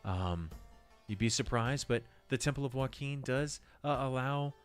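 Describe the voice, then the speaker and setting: A man's voice: mid-range voice, unhurried, clean tone, soft background music, pitched above the performer's own voice, close to an everyday voice. A man voicing a polite, friendly female cleric in a tabletop game, speaking in a raised voice with small hesitations. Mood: welcoming.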